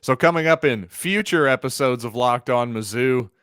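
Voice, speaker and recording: A man's voice: mid-range voice, moderate pace, a bit bright, smooth, dry recording, clean studio sound. A man hosting a solo sports podcast, talking through the news in a conversational way with wry, sarcastic asides. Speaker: podcast host.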